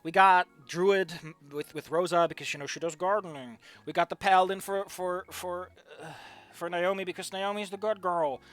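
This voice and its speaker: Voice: medium pitch, steady tone, normal speed. A streamer who did not grow up speaking English, chatting and joking self-deprecatingly over a game, with faint music behind. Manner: chatty, jokey, self-deprecating, swings between loud outbursts and mumbling.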